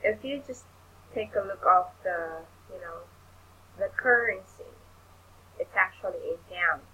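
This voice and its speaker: A woman tutoring English in an online lesson, explaining things slowly and patiently. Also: lowish voice, pushed and bright, husky, rough recording.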